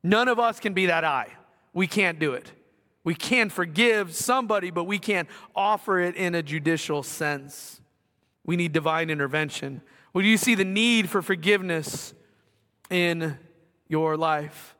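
Middle-aged male pastor, high and bright, chatty with self-deprecating asides, recorded in a reverberant gym. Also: measured pace. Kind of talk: sermon. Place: school gymnasium. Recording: long reverb of a gymnasium.

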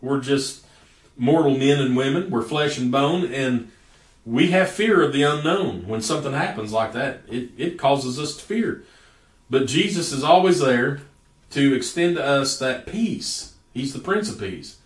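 A man's voice: mid-range voice, lively intonation, measured pace. A man preaching a sermon in a folksy storytelling way, stretching out words for emphasis. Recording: echoey room from a distance.

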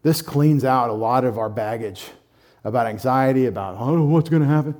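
Man, middle-aged, preaching a sermon, emphatic, asks questions to listeners, mellow dark voice. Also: mid-range voice, brisk. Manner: emphatic, asks the audience questions, acts out short imagined replies. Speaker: pastor teaching scripture.

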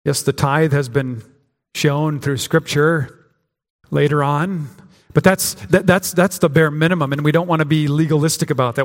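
A man's voice: on the high side, steady tone, moderate pace. A man preaching a sermon as pastor, in a conversational way with frequent restarts and acted-out quotes. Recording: long hall reverb.

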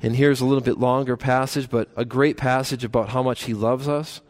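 A male pastor delivers a sermon to his congregation in a church, his voice sitting at an ordinary middle pitch. He speaks earnestly, building to emphatic, louder peaks and then slowing deliberately on the phrases he wants remembered. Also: fairly even intonation.

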